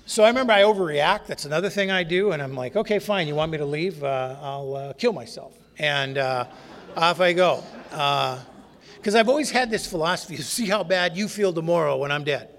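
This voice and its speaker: A man's voice: fairly high pitch, fairly bright tone. A man telling his recovery story in a wry, candid, self-mocking way. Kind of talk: humorous personal storytelling talk. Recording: long reverb of a hall.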